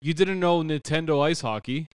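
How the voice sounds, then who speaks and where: A man's voice: on the high side, moderate pace, clear, resonant tone, dry recording, studio quality. Laid-back swearing man on a podcast. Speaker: podcast co-host. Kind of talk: casual sports podcast chat.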